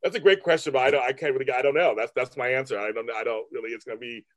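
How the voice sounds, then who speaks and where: Man in his fifties, middle pitch, candid interview guest, profane and animated. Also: rapid-fire. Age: 50s. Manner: blunt, profane and animated, mimicking family in raised voices. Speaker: guest artist. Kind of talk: candid casual interview talk.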